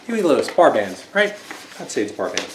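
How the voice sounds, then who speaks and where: A man's voice: medium pitch, sing-song, normal speed, reverberant, a little hiss or hum. A man casually talking through his record collection, rambling and joking as he goes. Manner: rambling, chatty, jokey asides.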